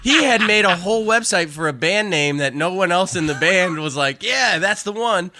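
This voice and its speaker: A man, a podcast guest telling old band stories in animated casual chat, laughing often. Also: sits high, normal speed, no room sound. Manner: animated storyteller, laughs a lot. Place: dining room.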